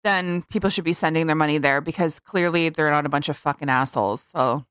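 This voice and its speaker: A woman's voice: low-pitched, brisk, a bit bright, clear, resonant tone, no room sound, studio quality. A woman co-hosting a casual podcast, laid-back and laughing easily, swearing casually. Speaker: podcast co-host.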